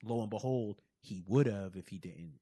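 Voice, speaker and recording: A man's voice: fairly low pitch, normal speed, crowd noise. A man co-hosting a casual podcast recap of a TV episode, quoting scenes, laughing often and restarting his sentences. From Caribbean family. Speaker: podcast co-host.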